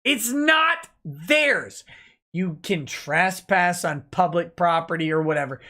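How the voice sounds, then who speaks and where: Slow-talking drunk man ranting. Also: high voice, expressive, bright, forceful tone. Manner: angry, profane ranting. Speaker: livestream host. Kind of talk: late-night livestream rant.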